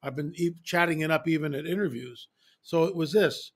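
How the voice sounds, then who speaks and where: Sex: man. Role: interview guest. Style: casual storytelling. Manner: animated, emphatic, repeats phrases. Pitch: a bit high. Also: brisk.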